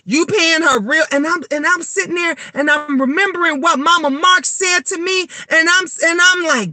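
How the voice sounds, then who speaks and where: A middle-aged woman, vlogging in a blunt, animated monologue full of swearing. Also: extremely high pitch, moderate pace, few pauses. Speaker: vlogger and tarot reader. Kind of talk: casual vlog monologue.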